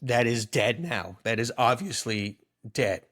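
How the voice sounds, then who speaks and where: A man's voice: medium pitch, a little slow. A man in his thirties co-hosting a podcast, chatting casually and telling rambling, amused stories. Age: 30s. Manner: rambling storyteller, amused and animated. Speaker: podcast co-host. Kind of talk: casual chat.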